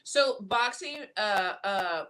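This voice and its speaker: A woman's voice: medium pitch, expressive, takes it slowly, a bit bright. A woman hosting a boxing podcast, chatty and giggly in casual panel talk over a video call. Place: hotel room in England, on a video call.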